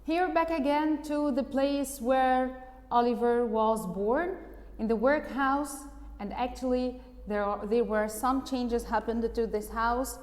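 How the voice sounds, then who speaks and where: A woman's voice: on the high side, slow, a little mellow, big-room sound. A woman English teacher, reading a storybook aloud and patiently explaining words and asking the class questions.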